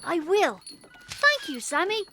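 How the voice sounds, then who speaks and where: An actor voicing an eager, impulsive wooden boy in a cartoon, polite and excitable. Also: extremely high pitch, slow, background noise, full character voice. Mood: earnest. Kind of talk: cartoon voice acting. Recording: studio voice with music playing.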